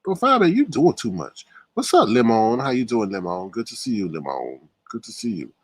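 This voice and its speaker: A man's voice: medium pitch, big pitch swings, moderate pace, husky, dry recording. A man hosting a casual commentary stream, talking in a mocking way and laughing a lot as he speaks to his chat. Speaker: commentary show host.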